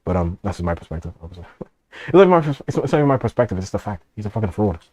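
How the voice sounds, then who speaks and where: Fast-talking deep-voiced male streamer. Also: big pitch swings, darkish tone, slight background noise. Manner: rambling, profane, laughs often. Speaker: streamer reacting to a video. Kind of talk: casual reaction stream.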